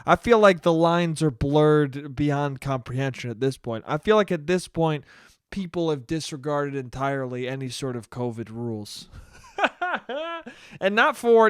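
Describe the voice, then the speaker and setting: A man's voice: fairly high pitch, smooth, no echo. A man hosting a casual comedic podcast monologue, talking in a rambling, profane, self-deprecating way into a close mic. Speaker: podcast host.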